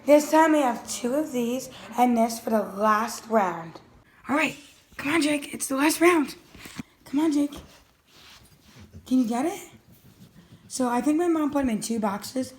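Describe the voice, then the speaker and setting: A woman's voice: sits high, animated, a little slow, long pauses, a little hiss or hum. A woman filming her dog at home, narrating casually and coaxing him with eager, encouraging talk. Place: at home, indoors.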